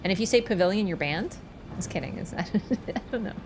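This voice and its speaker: A woman's voice: mid-range voice, animated, brisk, a little mellow, slight background noise. A woman streaming a game, chatting casually in a playful, teasing, rambling way. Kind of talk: casual chat while gaming.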